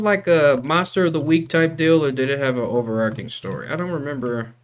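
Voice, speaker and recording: A man's voice: fairly high pitch, fairly quick. A young man streaming from his computer, chatting casually with his viewers and venting, full of slang like dude and bro. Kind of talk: casual live-stream chat.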